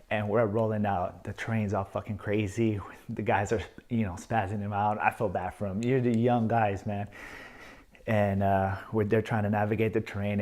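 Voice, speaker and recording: A military veteran man giving candid personal testimony, blunt and profane, halting with frequent restarts. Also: fairly low pitch, a little mellow. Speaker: military veteran telling his story.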